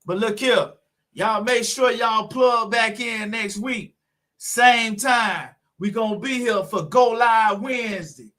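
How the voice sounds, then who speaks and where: Hosting a live stream about cars, a man speaks slowly in a high, bright, pushed voice. His manner is relaxed as he addresses viewers, peppering his talk with "man" and "you know what I'm saying."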